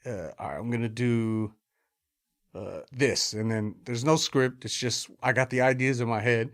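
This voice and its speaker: A man talking casually as a comedy podcast guest, halting and rambling with plenty of fillers. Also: mid-range voice, a bit bright. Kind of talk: casual chat.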